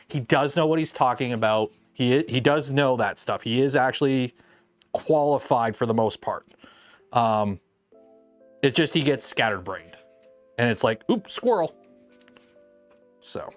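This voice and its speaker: A young man chatting casually and rambling on tangents while he works on a build during a livestream. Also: mid-range voice. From Canada. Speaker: livestream host.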